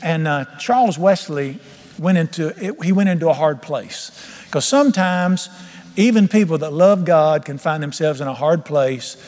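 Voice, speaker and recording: In a church sanctuary, a pastor preaches with fervor and folksy humor, his voice a little high, darkish, and expressive at normal speed. Faint music and long reverb come through on the recording.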